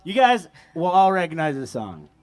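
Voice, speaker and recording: A man's voice: a little high, big pitch swings, moderate pace, no echo. A man emceeing at a music festival stage, chatty and rambling, often correcting himself mid-sentence. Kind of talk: stage introduction.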